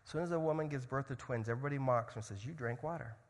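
A man preaching a sermon as a missionary, swinging from loud urgency to hushed storytelling. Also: medium pitch, very fast, in a large hall. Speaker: missionary speaker.

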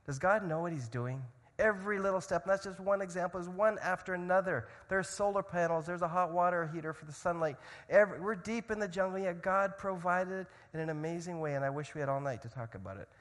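Guy preaching about mission work, fairly high voice, gets loud then goes real quiet, big hall echo. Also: quick pace, few pauses. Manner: impassioned, swings from loud urgency to hushed storytelling. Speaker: missionary speaker. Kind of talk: sermon.

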